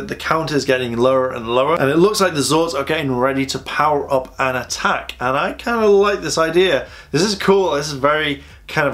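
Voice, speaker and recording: Chatty man with a slightly high voice. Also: a bit bright. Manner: rambling, filler-heavy, enthusiastic retelling. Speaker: comic book reviewer. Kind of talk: casual review vlog.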